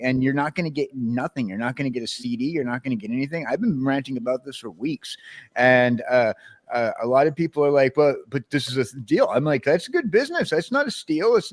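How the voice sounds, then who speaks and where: A man's voice: mid-range voice, no echo. A man co-hosting a casual podcast chat, ranting with many uh fillers and teasing the other host.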